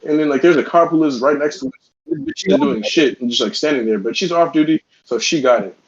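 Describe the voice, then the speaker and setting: A man's voice: a little high, sing-song, fairly quick, muffled recording. A man co-hosting a casual podcast, telling a heated, profane story. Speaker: podcast co-host.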